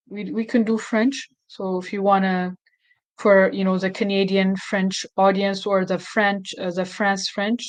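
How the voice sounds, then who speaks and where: A woman with a mid-range voice hosts a casual screen-recorded software tutorial, thinking aloud and often restarting as she corrects herself. The recording quality is rough.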